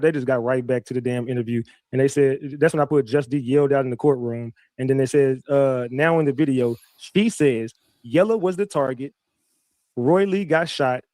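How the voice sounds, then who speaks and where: A man's voice: mid-range voice, no echo, clean studio sound. A man streaming casual commentary, telling a story with lots of swearing and repeated words, and talking straight to his viewers. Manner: profane, animated storytelling with repeats; addresses viewers directly.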